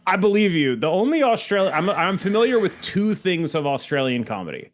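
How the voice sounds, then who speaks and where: A man's voice: high voice, sing-song, fairly quick, a little hiss or hum. A man co-hosting a podcast in casual chat, rambling and joking, often breaking into laughter. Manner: jokey, rambling, laughs at bits. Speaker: podcast co-host.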